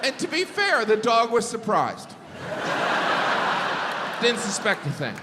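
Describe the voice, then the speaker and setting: A man's voice: extremely high pitch, huge pitch swings, slow, a loud crowd, very noisy. A male stand-up comedian on stage, with a wry, exasperated observational delivery into a handheld mic. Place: live venue on stage. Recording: echoey hall with loud ambience.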